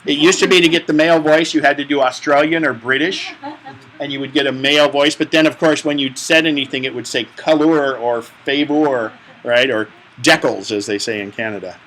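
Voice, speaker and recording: A man's voice: fairly high pitch, fairly quick, a bit bright, low-quality recording. A man teaching a live tech class, explaining step by step in a chatty, joking way. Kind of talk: hands-on tech class instruction.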